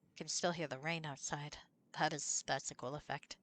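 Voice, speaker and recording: A woman's voice: low voice, steady tone, normal speed, a bit bright. A woman streaming a computer role-playing game, chatting casually, swearing and reading out the characters' lines. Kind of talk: casual let's-play chat with read-aloud dialogue.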